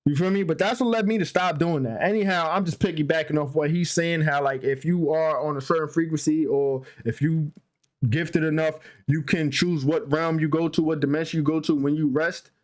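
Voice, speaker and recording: A man's voice: on the high side, fairly even intonation, fairly quick. A young man on a podcast telling a story in a loose, slangy way, repeating filler phrases as he goes. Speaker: podcast co-host. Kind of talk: casual storytelling.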